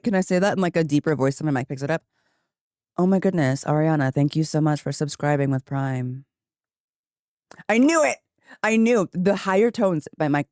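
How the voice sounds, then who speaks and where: Chatty woman streamer, dry close sound. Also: no echo. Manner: chatty and rambling, laughs often; voice jumps higher when happy or excited. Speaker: game streamer. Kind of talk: casual live-stream chat. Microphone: desk microphone with headphones.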